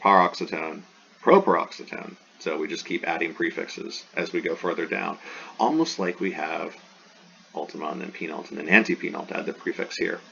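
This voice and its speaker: A man with a very low voice gives a recorded lesson and sounds enthusiastic about the subject. He says key terms slowly and repeats them. The recording is dull and lo-fi, with a faint hiss behind him. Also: steady tone, vocal fry, pushed and bright. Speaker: Greek teacher.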